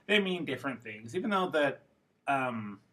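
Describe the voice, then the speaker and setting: A man teaching an English pronunciation lesson, speaking slowly and carefully and repeating model phrases for his students. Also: medium pitch, sing-song, bright, forceful tone. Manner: slow, careful, demonstrative delivery with model phrases.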